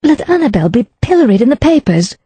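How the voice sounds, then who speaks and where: A woman narrator voicing a quick-witted young woman sleuth, brisk and persuasive. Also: sits high, very animated, mellow, breathy edge, dry recording, pitched above the performer's own voice, heavily acted. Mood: urgent.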